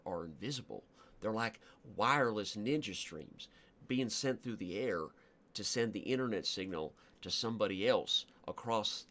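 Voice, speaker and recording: A man with a lowish voice, joking his way through live chess commentary. He rambles playfully between moves as he streams. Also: creaky, fairly bright tone.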